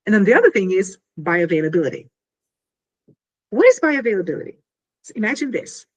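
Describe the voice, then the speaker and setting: Talking about her invention in a relaxed interview, this woman is animated and filler-heavy, acting out brief scenes to get her point across. There's a bit of husk in her voice, and her pitch swings a lot.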